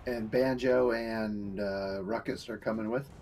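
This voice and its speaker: A man's voice: lowish voice, fairly even intonation, a little slow, a little mellow. A man playing in a tabletop game, a little hesitant and stammering as he starts. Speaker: player. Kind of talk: casual tabletop game chat. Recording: faint music behind.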